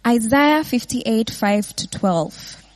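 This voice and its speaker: Slow, high-voiced woman teaching scripture. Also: animated. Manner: laughs often, checks in with "yeah?" and "right?". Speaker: Bible teacher. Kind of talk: informal Bible teaching.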